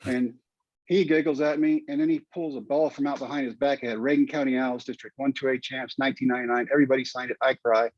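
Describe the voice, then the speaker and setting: A man's voice: mid-range voice, steady tone, fast talker, few pauses, dry recording. Earnest man telling his story. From United States. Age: 50s. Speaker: guest, former pitcher and teacher. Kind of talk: storytelling interview. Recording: dull dry podcast audio.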